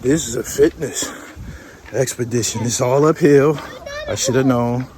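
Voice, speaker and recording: A man's voice: mid-range voice, a little slow, crowd noise. A man hosting a casual travel vlog on an outdoor hiking trail, a bit winded, talking bluntly and jokingly into a handheld phone. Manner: blunt, joking, profane talk. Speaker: vlogger host.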